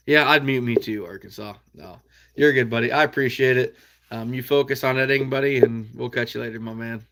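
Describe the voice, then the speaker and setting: A man's voice: medium pitch, fairly quick, a bit bright. A man with an American Midwest accent hosting a casual livestream, reading out viewer comments in an easygoing, folksy way with frequent chuckles. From Iowa.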